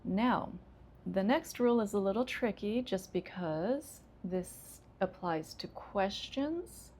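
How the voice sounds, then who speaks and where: A woman ESL teacher, calmly explaining English intonation with frequent fillers. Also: mid-range voice, a little hiss or hum. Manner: relaxed, explains slowly with many fillers.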